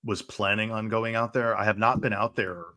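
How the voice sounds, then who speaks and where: A man's voice: lowish voice, level tone, normal speed, sharp tone. A man speaking as a podcast guest in casual chat, talking with emphatic enthusiasm.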